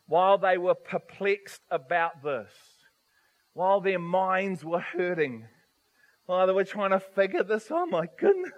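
Male preacher, high-pitched, animated sermon delivery full of rhetorical questions. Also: rough recording. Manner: animated, rhetorical questions, varies volume widely.

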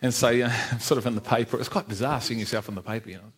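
A man's voice: mid-range voice, steady tone, rapid-fire, heavy background noise. A man giving a personal church testimony, frank and self-mocking, often laughing at himself. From England. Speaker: testimony speaker.

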